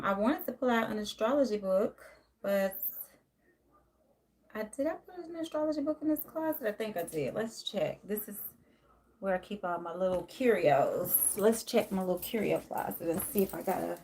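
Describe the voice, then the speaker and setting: A woman's voice: mid-range voice, lively intonation, normal speed. Chatty woman tarot reader streaming live from home. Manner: chatty, greets viewers warmly by name; loose, rambling and down-to-earth, with many fillers. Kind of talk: casual live-stream chat. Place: home, near a closet.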